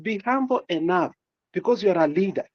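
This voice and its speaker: A man's voice: high voice, animated, fairly quick, no room sound, dull audio. Passionate man commenting on politics, dry sound. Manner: passionate, repetitive, with many fillers. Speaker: guest commentator.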